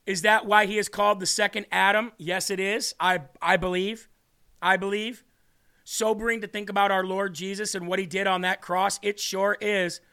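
Male podcast host, bright and high, earnest and a little teary while reading live chat. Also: level tone, normal speed, creaky, clear, resonant tone. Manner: earnest, emotional, reads comments aloud. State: tearing up.

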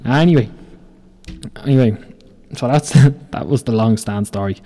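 Profane Irish lad telling site stories. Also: male voice, mid-range voice, a little fast, warm tone. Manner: rambling, profane, laughs through his stories. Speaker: podcast host. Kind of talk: casual storytelling.

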